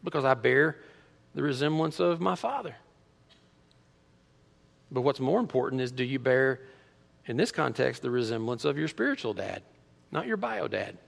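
A middle-aged man pastor preaching a sermon in a church, animated, full of rhetorical questions and restarts. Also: mid-range voice, normal speed, creaky, pauses often, big-room sound. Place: church sanctuary.

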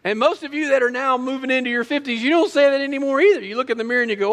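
A middle-aged man pastor preaching a sermon in a church, animated, full of rhetorical questions and restarts. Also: very high voice, fast, vocal fry, hardly any pauses, big-room sound. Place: church sanctuary.

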